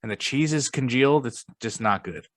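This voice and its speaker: A man's voice: medium pitch, expressive, normal speed. A young man co-hosting a podcast in casual chat, blunt and argumentative, swearing often. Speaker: podcast co-host.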